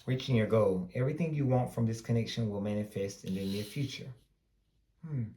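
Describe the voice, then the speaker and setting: A man's voice: on the low side, a little fast, roomy sound. A man from North Carolina with a Southern accent, giving a casual, rambling tarot reading with plenty of advice. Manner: relaxed, rambling, advice-giving with self-corrections. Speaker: tarot reader.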